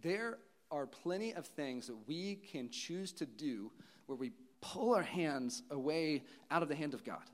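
A man in his thirties, a pastor, preaching a sermon in an earnest, personal storytelling manner with pauses and restarts. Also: on the high side, animated.

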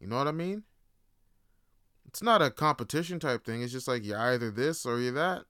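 A man's voice: mid-range voice, lively intonation, a little fast, pushed and bright, clear, resonant tone, no echo, studio quality. A man hosting a podcast, talking in a casual, rambling, profane monologue. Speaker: podcast host.

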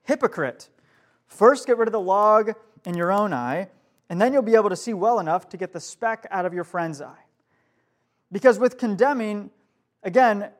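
Speaking to a live room in a light, high-pitched voice, a young man delivers a youth group sermon as a youth pastor. He keeps the tone casual and conversational, stopping now and then to put questions to his listeners.

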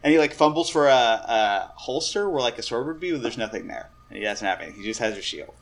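A man's voice: mid-range voice, animated, quick pace. Man narrating a tabletop game. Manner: casual, rambling narration. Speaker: game master.

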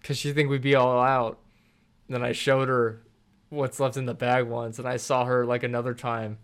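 A young man co-hosting a podcast, laid-back and joking, with crude asides. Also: mid-range voice. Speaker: podcast co-host. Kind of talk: casual chat.

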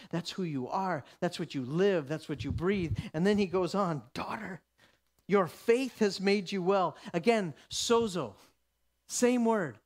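A man preaching a sermon, acting out the people in the story and swinging from loud declarations to hushed whispers. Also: sits high.

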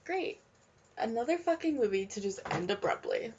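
A young woman co-hosting a casual movie podcast, blunt and swearing freely, getting loudly exasperated. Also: a little high, sing-song, normal speed, muffled recording, faint music behind. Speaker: podcast co-host. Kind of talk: casual movie-watching chat.

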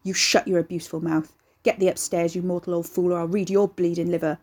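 A woman's voice: on the low side, level tone, fast, breathy edge. A woman narrator voicing an enraged young man who snarls and swears. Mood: raging. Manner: shouting, snarling.

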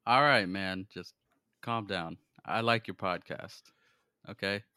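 A man's voice: sits low, slow, pushed and bright, clean tone, dry recording. A man co-hosting a casual film podcast, making dry, teasing asides. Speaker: podcast co-host.

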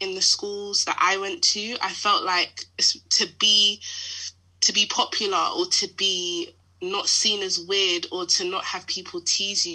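Bright-voiced woman in her late twenties. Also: fairly low pitch, poor audio. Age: late 20s. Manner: reflective and candid. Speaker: guest. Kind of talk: casual conversation.

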